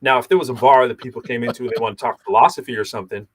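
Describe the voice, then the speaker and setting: A man's voice: medium pitch, racing. A man co-hosting a podcast, talking casually and reflectively in a slangy, rambling way with lots of "you know" and restarts. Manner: thinks aloud with restarts and asides. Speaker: podcast co-host.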